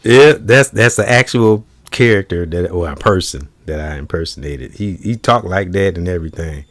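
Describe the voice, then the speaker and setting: A man's voice: low-pitched, moderate pace, a bit bright, no echo. A man hosting a comedy show, chatting casually and telling stories by acting out cartoon scenes. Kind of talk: casual chat.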